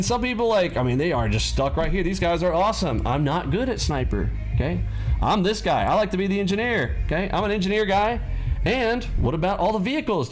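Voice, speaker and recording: A man teaching traders in an energetic, animated way, acting out scenes and yelling encouragement. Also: on the high side. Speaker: trading coach. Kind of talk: hyped-up motivational teaching.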